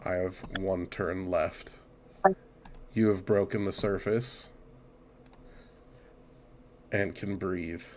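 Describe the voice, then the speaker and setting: Slow, low-voiced man running a tabletop game. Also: a little hiss or hum. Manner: relaxed and joking, swears and laughs. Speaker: game master.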